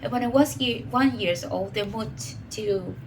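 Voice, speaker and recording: A woman in her twenties with a Venezuelan Spanish accent, a native Spanish speaker who talks about herself in halting English and often says "okay". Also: a little high, noisy background. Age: 20s. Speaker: professor. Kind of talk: personal monologue.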